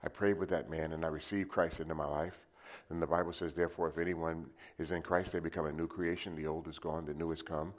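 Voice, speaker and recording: An older preacher from New City, New York City, speaks in a rumbling low voice with little pitch movement and a quick pace. He delivers a testimony sermon, telling his story conversationally and drawing the congregation into call-and-response.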